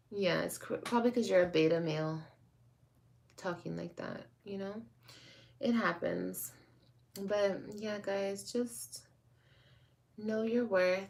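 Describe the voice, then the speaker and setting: A woman vlogger talks frankly with her viewers in a slow, unhurried way, her voice sitting a little low. She rambles and restarts as she answers their comments, calling them babe and girl. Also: creaky, darkish tone. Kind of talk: casual livestream chat, answering viewer comments.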